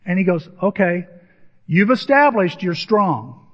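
A man preaching a sermon as a pastor, telling stories with lively acted-out voices and crowd noises. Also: high-pitched, unhurried. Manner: animated storytelling, acts out voices and crowd noises. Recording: dull lo-fi audio with long hall reverb.

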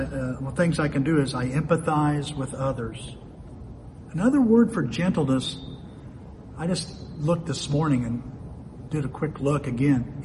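A man's voice: a little high, a little mellow. A man preaching a sermon in a folksy way, often asking himself questions aloud. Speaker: pastor. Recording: long reverb of a hall, faint ambient noise.

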